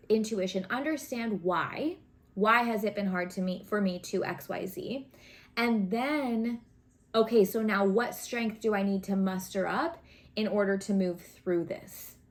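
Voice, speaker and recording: A woman giving a casual tarot reading to camera, chatty and earnest, often checking in with the listener. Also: mid-range voice. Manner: chatty, earnest, frequent "right?" and "okay?" check-ins; encouraging, coaching tone. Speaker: tarot reader.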